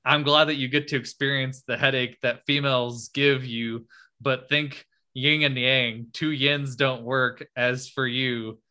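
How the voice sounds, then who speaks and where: A man reading aloud the rant of a pompous, angry young male texter, slowly and flatly. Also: mid-range voice. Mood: mock-serious.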